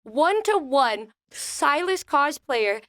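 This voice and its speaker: A young woman co-hosting a podcast, telling a story in a lively way and acting out quoted lines with squeaky bursts. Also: takes it slowly, no echo, studio quality. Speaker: podcast co-host. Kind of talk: casual chat.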